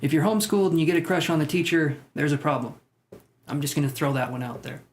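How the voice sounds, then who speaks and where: A young man hosts a live stream, reading comments and answering viewers in loose, meandering talk. His voice sits a little high for a man, and he jokes at his own expense. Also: fairly even intonation, fast talker, slight background noise. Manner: rambling, self-deprecating, joking with chat. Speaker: tarot livestream host.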